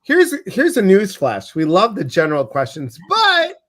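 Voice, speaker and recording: A man with a Chicago accent, co-hosting a casual livestream, reading viewer comments in a chatty, animated way that repeats phrases for emphasis. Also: high voice, measured pace. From Chicago, US Midwest.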